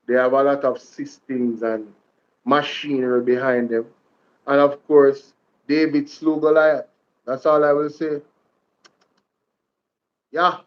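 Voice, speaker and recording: A man's voice: medium pitch, level tone, takes it slowly, pauses often, highs cut off. A man with a Jamaican accent hosting political commentary, repeating lines and speaking to his viewers like a preacher. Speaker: commentary vlog host.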